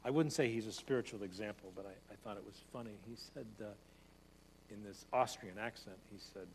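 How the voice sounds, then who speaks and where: In a church sanctuary, a man serving as pastor delivers a conversational sermon in a lowish voice, talking a little fast. He repeats phrases and picks up speed during stories, with long hall reverb and a faint hum in the recording.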